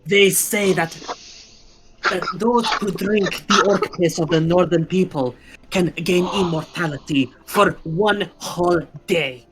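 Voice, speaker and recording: A man's voice: high-pitched, slow pace, background noise. Formal-speaking man playing a tabletop game. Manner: formal, speaks of himself as "this one". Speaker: player. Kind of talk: in-character tabletop play.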